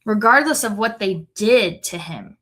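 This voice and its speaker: Woman bible teacher, reads scripture then chats about it, medium pitch, keeps saying right. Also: lively intonation, a little slow, fairly bright tone. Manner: conversational, tag questions like "right?". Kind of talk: scripture reading and reflective commentary.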